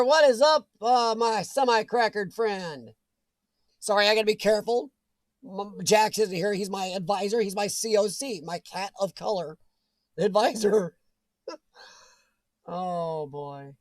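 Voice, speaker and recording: A man's voice: high voice, no echo. A man hosting a casual livestream, reading viewer comments aloud, joking and laughing often. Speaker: livestream host reading chat. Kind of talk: casual chat.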